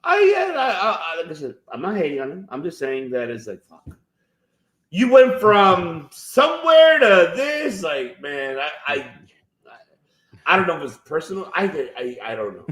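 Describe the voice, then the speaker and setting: A man co-hosting a casual wrestling podcast, animated and stammering, swearing and breaking into loud outbursts. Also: fairly high pitch, moderate pace, reverberant. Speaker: podcast co-host.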